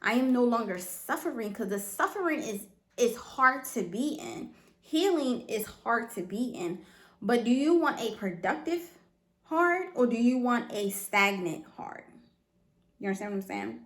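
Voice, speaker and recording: A woman's voice: fairly high pitch, sing-song, measured pace, fairly bright tone, reverberant. A woman hosting a solo podcast, talking earnestly and with emphasis, repeating phrases and often checking that the listener understands. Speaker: podcast host. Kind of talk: motivational solo podcast talk.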